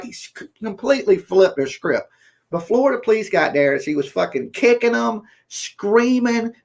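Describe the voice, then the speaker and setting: A man's voice: fairly high pitch, creaky. A man telling a story in a casual, rambling way, often checking in with "right?" and acting out what people said. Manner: rambling, repeats "right?" often, acts out quotes. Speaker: livestream host.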